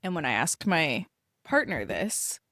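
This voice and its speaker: An expressive woman co-hosting a podcast, her pitch swinging widely as she alternates quick bursts with slow, pointed phrases. The sound is close and dry, with no room around it. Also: no echo. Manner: animated, emphatic, shifts between quick bursts and slow deliberate phrasing. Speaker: podcast co-host and embodiment coach. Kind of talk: casual podcast chat.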